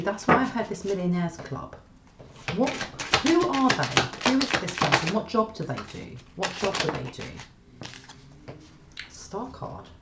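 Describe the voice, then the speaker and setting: Woman doing a tarot reading, lowish voice, keeps asking the cards stuff, dull echoey room with a bit of hiss. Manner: exclaims and repeats questions while pulling cards. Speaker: tarot reader. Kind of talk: channeled tarot reading, thinking aloud.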